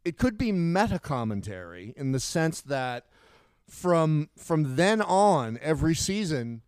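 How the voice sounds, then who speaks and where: Smooth-voiced man riffing in casual chat. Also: fairly high pitch, unhurried, dry recording. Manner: animated, rambling storyteller with frequent restarts. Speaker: podcast co-host.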